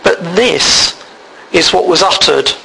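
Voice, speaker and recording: A man preaching a sermon, reading scripture aloud in a measured way. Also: sits high, pushed and bright, low-quality recording. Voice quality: gravelly.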